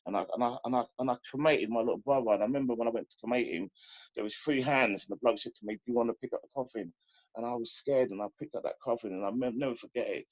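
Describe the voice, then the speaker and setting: A man's voice: mid-range voice, rapid-fire, dry recording, highs cut off. A middle-aged man from London giving a heartfelt, rambling share at a recovery meeting, full of "you know" fillers.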